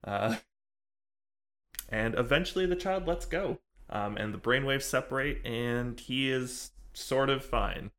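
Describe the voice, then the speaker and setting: A man's voice: mid-range voice, a little slow, sharp tone. A man hosting a casual podcast chat, recapping a TV episode in a laid-back way with lots of ums and uhs.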